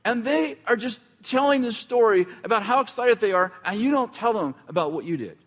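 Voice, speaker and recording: A man's voice: high-pitched, lively intonation, fairly quick. A man preaching in a casual, conversational style, often breaking off mid-sentence and adding wry asides. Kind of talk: conversational sermon.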